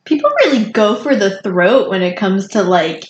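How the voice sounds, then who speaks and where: A young woman co-hosting a podcast, chatting casually and reacting with quick remarks. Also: mid-range voice, lively intonation, echoey room, highs cut off, slight background noise. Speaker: podcast co-host. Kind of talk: casual chat.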